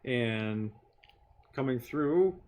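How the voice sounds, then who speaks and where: Game master with a laid-back, scattered delivery. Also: male voice, medium pitch, animated, extremely slow, a little mellow, a little hiss or hum. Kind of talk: narrating a tabletop game.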